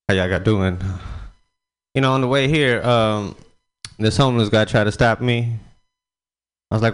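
A man works through a stand-up set at a small club open mic. His voice is smooth and clear. He rambles casually between jokes and laughs along with them. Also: on the low side, fairly even intonation, normal speed, long pauses, faint music behind. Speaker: stand-up comedian.

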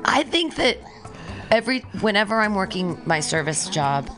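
A woman's voice: medium pitch, big pitch swings, moderate pace, music in the background. A young woman co-hosting a radio show, telling stories in blunt, profane casual chat. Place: radio studio.

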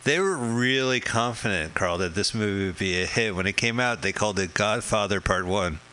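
Bright-toned man riffing on a movie. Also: fairly low pitch, moderate pace, poor audio. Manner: joking, does silly impressions. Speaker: podcast co-host. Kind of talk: comedic riffing over a movie.

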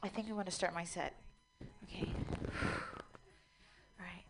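A woman doing a stand-up comedy set, chatty and self-mocking, with mock-loud announcements. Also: fairly low pitch, fairly even intonation, unhurried, gravelly, music in the background.

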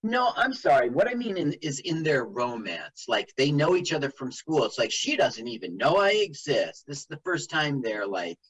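In a low-quality recording, a man with a husky, mid-range voice talks at normal speed with few pauses. He co-hosts a radio show, chatting casually about a movie and animatedly quoting scenes in put-on voices.

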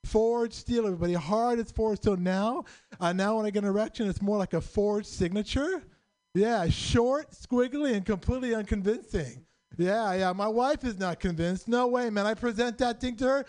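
A man with a very high-pitched voice telling a stand-up story on a comedy club stage. He is self-deprecating and quick, and he puts on voices for the people in his tales. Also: a little mellow. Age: middle-aged.

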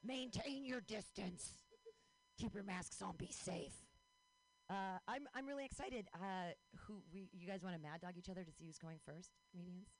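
A woman's voice: lowish voice, moderate pace, low-quality recording. A woman hosting a stand-up comedy show outdoors, playful and loose, hyping up the crowd.

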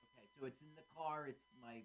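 A co-host in a casual chat, asking quick wry questions and playing with words while watching a movie. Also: medium pitch, steady tone.

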